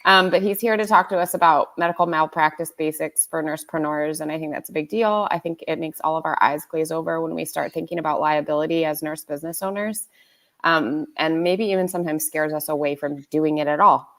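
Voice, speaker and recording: Woman, host of a live online session, sick and gravelly, lowish, conversational with fillers. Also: steady tone, a bit bright. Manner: chatty, slightly halting with fillers. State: sick, under the weather. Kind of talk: live webinar hosting.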